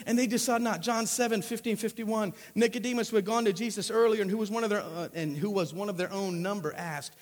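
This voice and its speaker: A man's voice: sits high, fast talker, few pauses, big-room sound. A man preaching a sermon, telling a joking personal story between scripture readings. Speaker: pastor.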